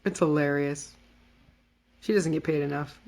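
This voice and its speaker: Chatty woman podcast co-host, lowish voice. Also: fairly even intonation, normal speed, a little mellow. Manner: chatty, lots of fillers, quotes characters in playful voices. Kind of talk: casual recap chat.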